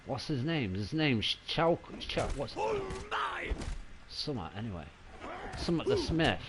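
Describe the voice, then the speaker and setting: A man giving casual, excitable live commentary while streaming a video game. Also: mid-range voice, slow pace, background noise.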